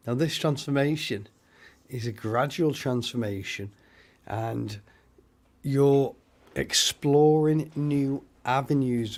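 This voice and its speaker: A man's voice: mid-range voice, a little mellow. Man giving rambling psychic readings. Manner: rambling, addresses viewers by name. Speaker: psychic medium and live-stream host. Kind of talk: live-stream psychic readings.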